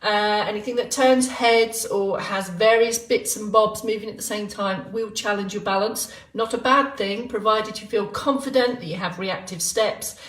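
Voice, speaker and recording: A woman's voice: medium pitch, fairly even intonation, moderate pace, few pauses, fairly bright tone. A woman instructor leading a live online movement class in a chatty, rambling, jokey way, greeting viewers by name. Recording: roomy sound from a distant mic.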